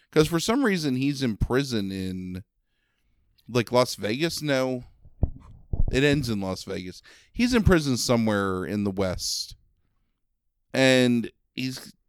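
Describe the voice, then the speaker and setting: A man's voice: medium pitch, clear, resonant tone, no room sound, clean studio sound. A man with a slightly nasal voice, rambling sarcastically through a movie review in casual chat. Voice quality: a little nasal. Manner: rambling, sarcastic, many ums and likes. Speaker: podcast co-host reviewing a movie.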